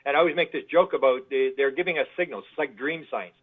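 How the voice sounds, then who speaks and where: A man's voice: medium pitch, fast. A man, a guest in an interview, telling stories in a rambling way, often repeating words. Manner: rambling, repeats words, acts out quoted voices. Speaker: guest researcher. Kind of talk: casual interview storytelling. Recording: tinny phone line.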